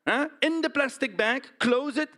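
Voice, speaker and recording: An actor with a Dutch accent plays a blunt, indignant pig farmer in a stage monologue, often tagging lines with "huh?" and "right?". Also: male voice, very high voice, normal speed. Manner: blunt, animated storytelling with frequent "huh?" and "right?" tags. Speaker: stage performer. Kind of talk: theatrical monologue.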